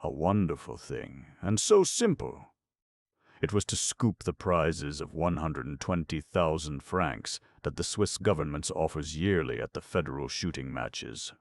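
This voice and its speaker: A man narrating a classic novel in a measured, even reading. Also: a bass voice, no room sound. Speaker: audiobook narrator. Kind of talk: scripted narration.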